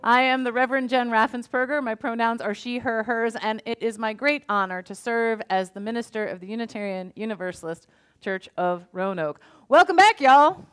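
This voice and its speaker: A woman minister, leading a Sunday worship service in a church sanctuary. She moves between chatty, self-deprecating remarks and a measured reading of poetry. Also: fairly high pitch, fairly bright tone, clear, resonant tone.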